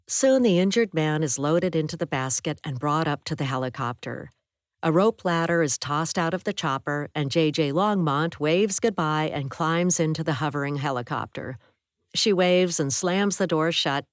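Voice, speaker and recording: Low-voiced woman narrating an audiobook. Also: dry recording, studio quality. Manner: measured, even storytelling. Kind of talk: scripted first-person narration.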